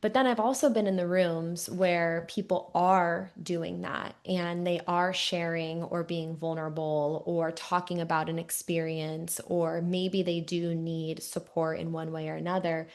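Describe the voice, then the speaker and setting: Podcast host, young woman, lowish voice, reflective and chatty. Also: little pitch movement, unhurried, few pauses. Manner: thoughtful, reflective, uses many fillers. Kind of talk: interview conversation.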